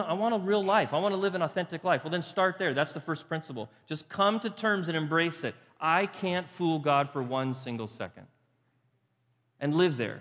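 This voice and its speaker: A man preaching a sermon in a church sanctuary, his voice set a little higher than most. He talks in a conversational way, firing rhetorical questions at the congregation and repeating lines for weight. A long, lingering hall reverb trails each phrase. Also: fairly bright tone. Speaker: pastor.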